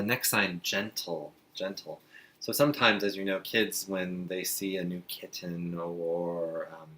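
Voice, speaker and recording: Low-voiced man teaching sign language. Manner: relaxed, chatty, with frequent fillers and slow demonstrating passages. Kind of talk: friendly instructional talk to parents.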